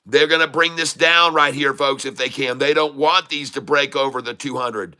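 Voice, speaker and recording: A man's voice: medium pitch, fairly even intonation, moderate pace, bright, forceful tone, clear, resonant tone. A man live-streaming day-trading commentary, joking with chat and laughing often, then repeating urgent warnings to viewers. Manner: jokey, laughs often while reading chat.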